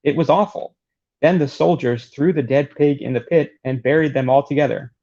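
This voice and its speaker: Brief: man doing a panicked fighter, low gravelly voice, dull lo-fi take. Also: normal speed, dark tone. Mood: distraught. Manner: distraught, plain reading voice. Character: frightened male fighter fleeing in panic. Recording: dull lo-fi recording.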